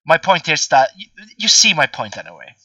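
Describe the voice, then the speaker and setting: A man's voice: fairly high pitch, big pitch swings, a little fast, pushed and bright, slightly rough, dry recording, distant mic. A man in his twenties chatting casually as a podcast host, rambling and swearing with many fillers. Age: 20s. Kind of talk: casual chat.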